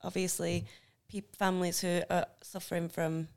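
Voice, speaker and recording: A woman's voice: fairly low pitch, level tone, normal speed, vocal fry, darkish tone, clear, resonant tone. Earnest woman, hesitant chat. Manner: earnest, hesitant, with many ums. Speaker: university student and school volunteer. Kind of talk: casual chat.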